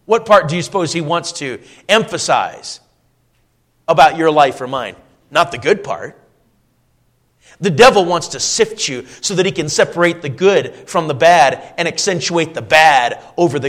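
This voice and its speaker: A man preaching a sermon, asking his listeners questions and dropping to a soft, low voice when he quotes scripture. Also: lively intonation, unhurried, pauses often. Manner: swings between loud emphatic lines and soft low quoting; asks the congregation rhetorical questions.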